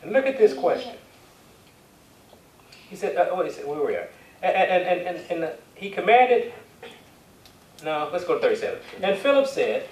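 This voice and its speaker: A man's voice: sits high, very animated, moderate pace, long pauses. A man preaching a sermon, reading scripture aloud and drawing amens from his congregation. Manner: call-and-response, asks the congregation for amens; reads scripture aloud in King James wording. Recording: echoey church hall, distant mic, faint hiss.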